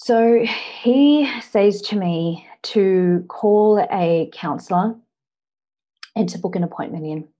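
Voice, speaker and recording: An Australian woman in her thirties giving an earnest personal story speech, often pausing on "now" to set up the next part. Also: lowish voice, warm tone. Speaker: public speaker.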